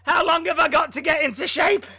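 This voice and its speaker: A man's voice: very high voice, a little fast, pushed and bright, no echo. A man hosting a casual live reaction stream, jokey and self-mocking, and out of breath.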